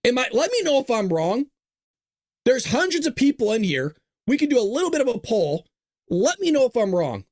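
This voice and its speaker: This man's voice is very high-pitched, sing-song, and a little mellow, moving at a moderate pace. Hosting a political livestream from a small closet with no echo, he rants in a fired-up way and swears constantly.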